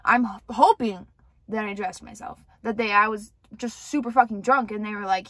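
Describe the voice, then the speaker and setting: A woman's voice: medium pitch, steady tone, normal speed, fairly bright tone, no echo. A young woman candidly rambling through a personal storytime, with lots of filler words and cursing. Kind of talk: casual storytime monologue.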